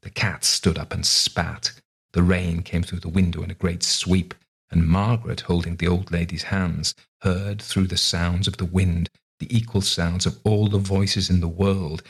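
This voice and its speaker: A man reads a short story aloud in a measured, even storytelling voice. His voice sits very low and has a husky, breathy edge. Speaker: narrator. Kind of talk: scripted narration of a short story.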